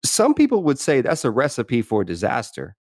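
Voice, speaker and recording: In a reflective interview conversation, this male podcast host shares personal stories thoughtfully, full of restarts and "you know"s. His mid-range voice swoops wildly in pitch at a normal speed and sounds a little mellow. The studio audio is clean and free of echo.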